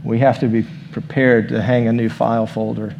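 A man's voice: mid-range voice, level tone, moderate pace, creaky, highs cut off, slight background noise. Man preaching an informal, chatty sermon. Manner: informal, leads the room in prayer. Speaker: pastor. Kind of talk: conversational sermon.

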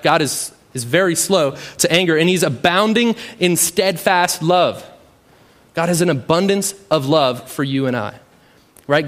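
Preaching in a conversational style, this pastor has a fairly high pitch and a fairly bright tone. He frequently adds "right?" as a tag question, and his emphasis builds as he reads scripture aloud.

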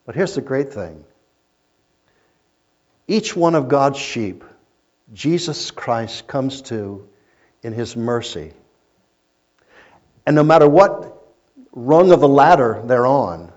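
A man preaching a sermon as a pastor, telling stories and swinging between loud emphasis and quiet asides. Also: mid-range voice, animated, measured pace, pauses often. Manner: storytelling preacher, rising and falling in intensity. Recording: muffled lo-fi recording.

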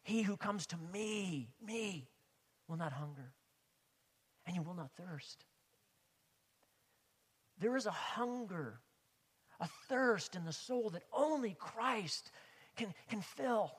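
A man preaching a sermon as pastor, with impassioned emphasis that swings between loud declarations and hushed, near-whispered lines. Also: high-pitched, animated, a little slow, long pauses, slightly rough, in a large hall.

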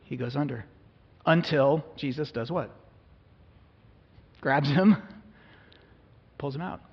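A male pastor preaches in a relaxed, conversational way, often turning to his listeners with questions. His voice sits a little high and sounds husky. The sermon rings in a reverberant hall on a dull, lo-fi recording. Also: takes it slowly. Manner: conversational, asks the congregation questions.

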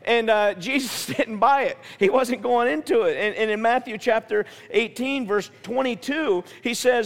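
A man preaching a sermon as pastor, animated and acting out the voices of people in his stories. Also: very high-pitched, normal speed, creaky, hardly any pauses, long reverb tail.

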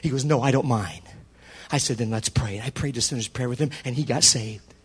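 A middle-aged man preaching as a pastor speaks briskly in a mid-range, husky voice. His story-led sermon is animated, with the dialogue performed in varying voices.

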